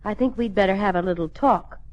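An actress playing a playful young wife and doting daughter in a 1950s radio sitcom, teasing and bubbly. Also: female voice, mid-range voice, a little fast, a little mellow, close to an everyday voice. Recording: muffled old radio broadcast with hiss.

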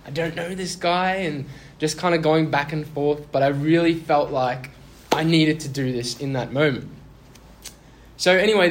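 A man's voice: fairly high pitch, a little hiss or hum. A young man telling a personal story in a casual sermon, chatty and self-deprecating. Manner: chatty, self-deprecating, laughs through awkward moments.

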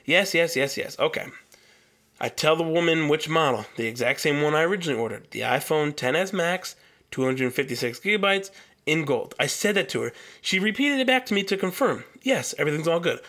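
A man's voice: on the high side, expressive, fairly quick, fairly bright tone. A young man hosting a solo podcast, telling a long story in a heated, profane rant. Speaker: podcast host.

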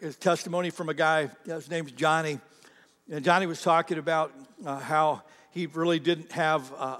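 A man's voice: high-pitched, fairly bright tone, long reverb tail. A male pastor preaching a sermon in a conversational way, acting out the quotes in character voices.

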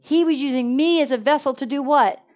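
Animated woman preacher telling stories. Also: sits high, brisk, faint music behind. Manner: animated, swings between excited exclamations and hushed asides. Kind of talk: storytelling sermon.

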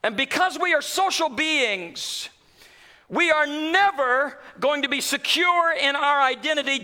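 A middle-aged man preaching a sermon, dropping from ringing emphasis to hushed, near-whispered lines. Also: very high-pitched, a little slow. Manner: dramatic swings from loud to hushed. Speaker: pastor.

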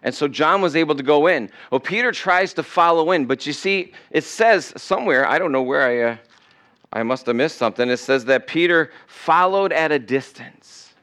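An expressive, fairly bright voice on the higher side belongs to a pastor preaching at a moderate pace in a church sanctuary. His style is conversational, and he occasionally dramatizes the voices of people in the story.

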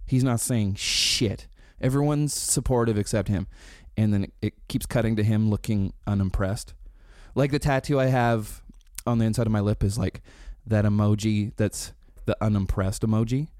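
A man in his thirties chats casually and swaps stories with a swear-laden, animated delivery. His voice sits low and mellow. It is recorded close up in a dry space. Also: dry recording. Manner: animated storytelling with quoted impressions, swearing and laughs. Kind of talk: casual chat.

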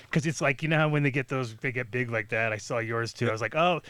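A man telling a story in casual chat, animated and swearing, acting out quotes with sudden jumps in pitch. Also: brisk, no room sound. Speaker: podcast guest telling a story.

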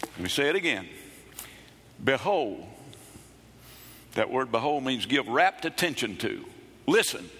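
A middle-aged man preaching a sermon, emphatic and repetitive, rising into sudden shouts. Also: mid-range voice, sing-song, moderate pace, slightly rough, in a large hall. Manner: emphatic preaching, repeats phrases, bursts into shouts. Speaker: pastor. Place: church.

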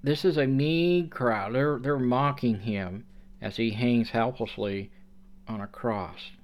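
A man preaching a sermon, reading scripture aloud and explaining it with slow, deliberate emphasis. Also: medium pitch.

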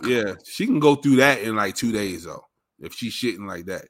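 Brief: male podcast co-host, lowish pitch, easygoing and teasing, devil's-advocate banter. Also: expressive, normal speed. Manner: laid-back, teasing, plays devil's advocate. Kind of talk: casual chat.

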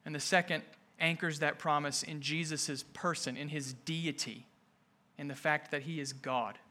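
A male pastor preaching an emphatic sermon to his congregation, repeating key phrases and rising to forceful peaks. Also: fairly high pitch, fairly even intonation, moderate pace. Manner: emphatic, building to raised intensity.

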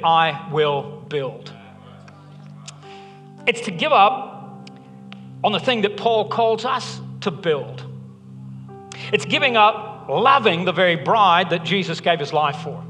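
Pastor guy preaching, high bright voice, big hall echo, soft music under. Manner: conversational, joking asides, earnest. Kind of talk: sermon. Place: church hall. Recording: long hall reverb, faint music.

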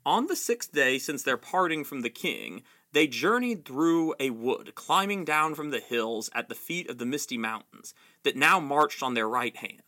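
A man reads a novel aloud, telling it steadily and evenly. His voice is bright and clear, and he now and then stumbles and corrects himself. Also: medium pitch, moderate pace, few pauses. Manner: steady storytelling with small slips. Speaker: reader.

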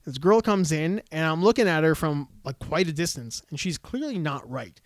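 Casting note: man, high voice, rapid-fire storyteller, foul-mouthed, dry close sound. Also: expressive, no room sound. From Canada. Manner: rambling storyteller, swears freely, acts out quotes. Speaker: podcast co-host. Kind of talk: casual chat.

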